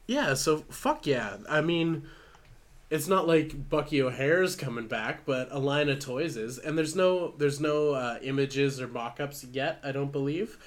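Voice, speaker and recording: A man's voice: mid-range voice, unhurried. A man in his thirties co-hosting a podcast, a few drinks in and talking loosely. He swears freely and fills his sentences with ums and asides. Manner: loose and profane, rambling with fillers. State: slightly tipsy. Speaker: podcast co-host. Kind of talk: casual chat.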